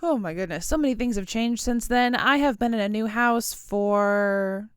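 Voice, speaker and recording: A woman's voice: on the high side, normal speed, smooth, no room sound, studio quality. A young woman hosting her own podcast, rambling casually and giggling at herself as she talks. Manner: rambling, giggly, self-deprecating. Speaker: podcast host. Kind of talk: casual solo podcast chat.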